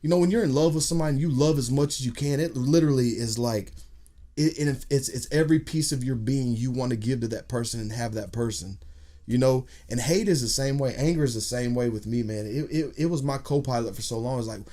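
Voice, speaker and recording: A man's voice: mid-range voice, a little fast, warm tone. A man, a podcast guest telling stories in casual, profane chat and acting out quotes.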